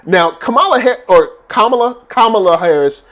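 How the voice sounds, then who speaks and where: A man co-hosting a loose, casual chat, his voice swooping up and down as he laughs through viewer shout-outs. His delivery is slangy and animated, never settling into a flat tone. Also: high-pitched, moderate pace. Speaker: podcast co-host.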